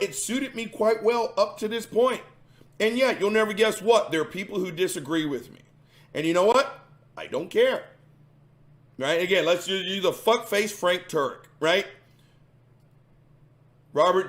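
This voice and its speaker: High-voiced, profane ranting man. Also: fairly bright tone. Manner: profane, combative, sarcastic. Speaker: commentary host. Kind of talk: ranting reaction commentary.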